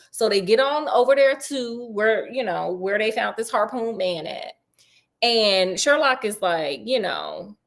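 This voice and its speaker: A woman casually retelling a story with sassy, slangy remarks and deadpan asides. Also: medium pitch, a little slow.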